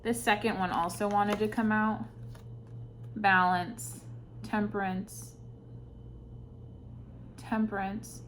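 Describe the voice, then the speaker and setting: Slow soft-spoken woman reading tarot. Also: mid-range voice, steady tone, slight background noise. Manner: slow, soft-spoken, reflective, with sighs and pauses. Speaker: tarot reader. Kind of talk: intuitive tarot reading to camera.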